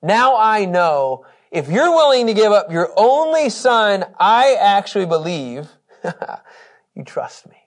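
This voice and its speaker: A man teaching a Bible study, reading scripture with emphasis and talking in an animated, conversational way, laughing often. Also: sits high, slow pace. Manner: reads scripture aloud with emphasis.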